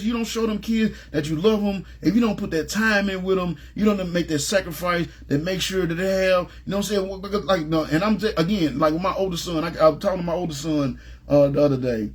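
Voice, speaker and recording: A man's voice: high voice, fairly quick, husky. A middle-aged man giving an informal, plain-spoken Bible teaching, driving his points home with emphasis and asking his listeners again and again whether they follow him. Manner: emphatic, plain-spoken, repeats "you know what I'm saying". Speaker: preacher.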